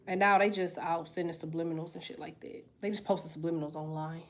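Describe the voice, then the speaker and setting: A woman's voice: on the low side, fast, hardly any pauses. A young woman tarot reader on a casual livestream, chatting bluntly and profanely while she answers comments, congested from a sinus infection.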